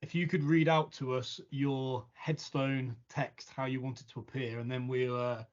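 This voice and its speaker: A man hosts a casual podcast interview with a mid-pitched voice. He is joking, informal and freely profane, and the sound is slightly dull and lo-fi. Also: little pitch movement, moderate pace. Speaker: podcast host.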